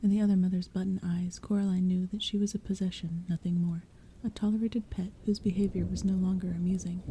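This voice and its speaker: A woman reading a storybook aloud as whispered role-play, in a soft, hushed, mostly unvoiced whisper, with faint rain behind her. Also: on the low side, little pitch movement, a little fast, hardly any pauses, slight background noise. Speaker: ASMR audiobook reader. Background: soft rain and thunder.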